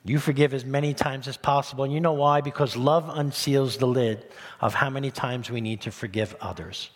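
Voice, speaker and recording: A man's voice: medium pitch, a little fast. Male pastor preaching in a reverberant hall. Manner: animated, rising emphatic delivery with rhetorical questions. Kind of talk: sermon. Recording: long reverb of a church hall.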